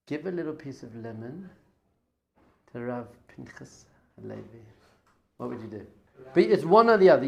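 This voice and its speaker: Excitable rabbi with a gravelly voice. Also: male voice, a little high. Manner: excitable, swings from loud enthusiasm to hushed awe. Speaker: rabbi and teacher. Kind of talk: excited storytelling talk.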